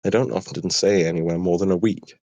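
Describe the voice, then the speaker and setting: A man reading a quiet young traveler. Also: deep voice, steady tone, fairly quick, dry recording, dull audio. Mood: thoughtful. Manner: thoughtful, soft-spoken.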